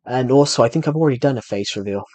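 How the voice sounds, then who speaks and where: A man's voice: medium pitch, racing, darkish tone, no echo. Young British male streamer, mid-range voice, dry close sound, rambling and self-deprecating chat over gameplay. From Britain. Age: young adult. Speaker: gaming streamer. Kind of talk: casual gameplay commentary with live chat. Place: room at home.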